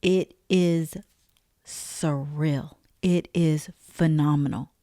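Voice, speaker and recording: A woman's voice: low voice, steady tone, very slow, dark tone, no room sound, studio quality. A woman giving an earnest, emotional spiritual testimony, repeating phrases for emphasis. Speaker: faith vlogger.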